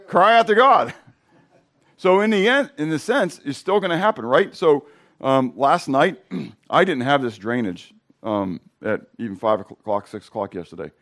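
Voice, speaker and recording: A middle-aged male pastor with a hoarse voice, preaching in a casual, conversational way and questioning his congregation. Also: mid-range voice, expressive, moderate pace, fairly bright tone. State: hoarse from sinus drainage. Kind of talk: sermon.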